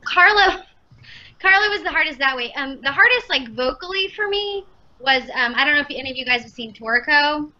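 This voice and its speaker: A woman's voice: high-pitched, animated, fairly quick, pushed and bright, dull audio. A woman voice actress chatting as a podcast guest, rambling with lots of fillers. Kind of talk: casual podcast chat.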